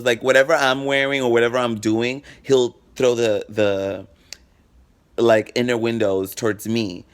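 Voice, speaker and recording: This man vlogs a personal story in a frank, profane, dramatic style, acting out the exchanges he quotes as casual storytelling. His voice is mid-range and clean, with a level tone and a measured pace.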